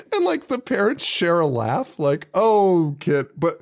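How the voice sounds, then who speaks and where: A male podcast co-host retells a movie in loose, casual chat. He laughs through his sentences, swears freely, and slips into quick impressions of the characters. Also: high-pitched, creaky, slightly rough. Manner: laughs often, swears, acts out quotes.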